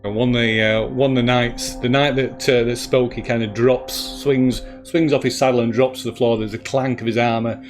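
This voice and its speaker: A man's voice: medium pitch, flat delivery, normal speed, hardly any pauses, soft background music. A man narrating as game master in a tabletop role-playing session, stopping and restarting often as he searches for words.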